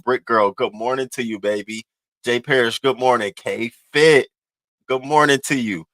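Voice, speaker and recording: Bright, dry-voiced chatty male host. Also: medium pitch, no echo. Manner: chatty, calls viewers baby and y'all. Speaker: show host. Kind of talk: casual morning livestream talk.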